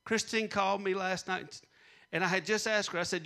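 A man's voice: sits high, steady tone, fairly quick, creaky, pushed and bright. A man preaching a sermon, repeating punchlines and leading call-and-response with the congregation. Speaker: pastor.

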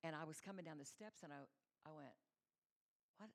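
Low gravelly woman telling a sermon story. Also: fast. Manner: warm, conversational, acts out quoted voices. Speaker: church speaker, mother.

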